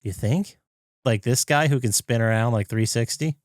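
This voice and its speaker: A man co-hosting a podcast, retelling a movie scene by scene and jumping into high, excited impressions of the characters. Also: normal speed, no room sound, clean studio sound. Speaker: podcast co-host. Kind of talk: casual movie recap chat.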